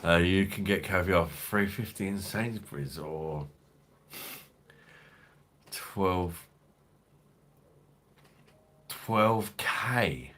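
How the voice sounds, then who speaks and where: A man with a London accent and a very deep, low voice talks through a casual livestream. He jokes crudely, swears freely and rambles as he reads out viewer comments. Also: extremely slow, long pauses, fairly bright tone. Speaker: host of a beer review livestream.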